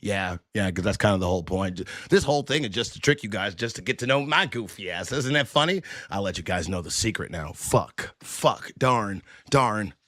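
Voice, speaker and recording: Low voiced guy rambling and joking around, swears constantly, voice jumps all over, dry close mic. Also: animated, brisk, hardly any pauses, pushed and bright, no room sound. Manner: crude, rambling, jokey, curses a lot. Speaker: streamer. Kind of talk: casual chat.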